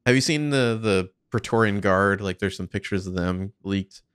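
A man's voice: fairly low pitch, moderate pace, a bit bright, clean tone, dry recording, clean studio sound. A man co-hosting a podcast, chatting casually about film footage, swearing freely and thinking aloud with fillers. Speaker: podcast co-host.

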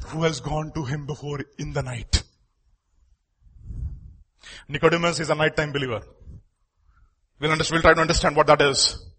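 A high-voiced man delivers a sermon. His voice is bright and a little husky, and it rises and falls widely as he presses each point. He drops to quiet asides between the loud, emphatic lines. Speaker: preacher.

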